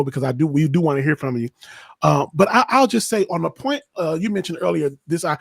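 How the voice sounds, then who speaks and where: A man's voice: on the high side, fairly quick, creaky, husky, dry recording, clean studio sound. A man hosting a podcast, talking in an impassioned, emphatic way in casual discussion. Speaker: podcast host.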